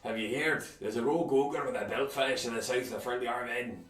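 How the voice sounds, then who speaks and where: A man voicing a chatty male dwarf author with a loud, attempted Scottish brogue. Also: mid-range voice, moderate pace, lightly acted. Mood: gruff complaining. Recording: roomy, distant mic, faint music.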